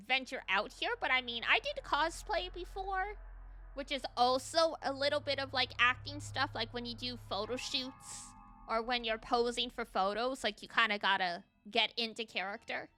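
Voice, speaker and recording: A young woman from Canada with a high, youthful-sounding voice, chatting quickly and giggling as a VTuber streamer. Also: bright, forceful tone, soft background music. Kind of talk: casual stream chat.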